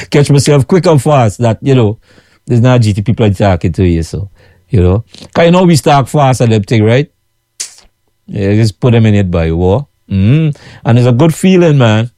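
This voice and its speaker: A man's voice: mid-range voice, expressive, moderate pace, mellow, no echo, studio quality. A man from Guyana with a Guyanese accent, a food vendor talking casually to his followers, chatty and repetitive, often asking "you know what I'm saying". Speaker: food vendor running his own kitchen business.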